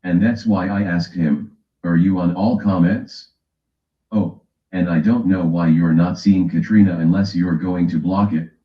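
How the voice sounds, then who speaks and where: A man's voice: deep voice, fairly even intonation, unhurried. A man from the West Coast of the US hosting a casual livestream, teasing his chat and reading a timer aloud. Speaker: livestream host. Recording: echoey room, dull lo-fi sound.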